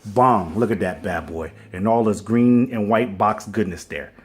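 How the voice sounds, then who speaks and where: A man's voice: fairly low pitch, normal speed. A man in casual, rambling talk, unboxing a kitchen appliance at home and filming on a phone propped on a stand. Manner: laid-back, rambling, slangy. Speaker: unboxing vlogger. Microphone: phone on a wobbly stand.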